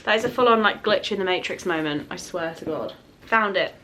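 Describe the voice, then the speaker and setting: A woman's voice: lowish voice, animated, fast talker, bright, forceful tone, slight background noise. A young woman chatting to camera at home as a book vlogger, effusive and talking to her pet between thoughts. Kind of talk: casual chat to camera.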